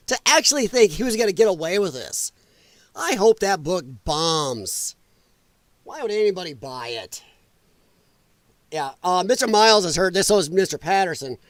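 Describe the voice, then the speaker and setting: A man's voice: sits high, dry recording. A male livestream host giving blunt, mocking political commentary with a casual, ranting delivery.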